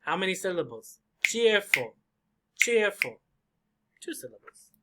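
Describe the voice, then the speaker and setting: A man teaching English vocabulary and pronunciation, repeating each word slowly for drilling. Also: high-pitched, sing-song, sharp tone. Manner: acts out short example conversations.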